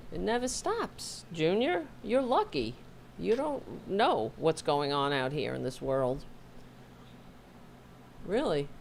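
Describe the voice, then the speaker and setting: Host type: sarcastic woman, low-pitched, slow and animated, talking to her dog at home. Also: creaky, a little hiss or hum. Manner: sarcastic, scolding, rambling asides. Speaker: host of a political livestream. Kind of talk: live-streamed political commentary.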